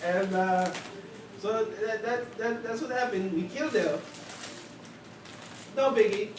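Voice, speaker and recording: A man's voice: sits high, slow. A young man casually recapping a tabletop game session, rambling and joking with many fillers, picked up from a distant mic. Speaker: player. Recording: distant, echoey, noisy room.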